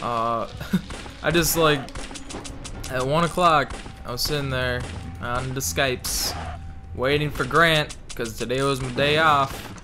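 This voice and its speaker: A young man rambling through casual gameplay commentary, reading game text aloud mockingly, swearing freely, and talking in a joking put-on Italian-ish accent. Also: mid-range voice. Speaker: gaming channel host.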